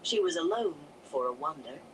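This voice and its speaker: A narrator reading a fantasy novel aloud in a steady storytelling manner. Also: medium pitch, normal speed, background noise. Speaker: audiobook narrator.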